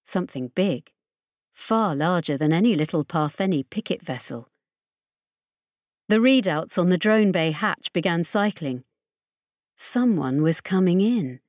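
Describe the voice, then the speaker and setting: A woman narrating an audiobook in a measured, dramatic reading. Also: on the low side, lively intonation, a little mellow, no room sound, studio quality. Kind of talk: scripted narration.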